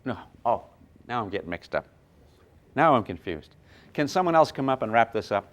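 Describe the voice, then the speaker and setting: Man, physics lecturer, live workshop, animated, self-deprecating, talks his ideas through aloud, mid-pitched voice. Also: moderate pace, dull audio. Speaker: physics teacher leading a teachers' workshop. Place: lecture room with a live audience of teachers.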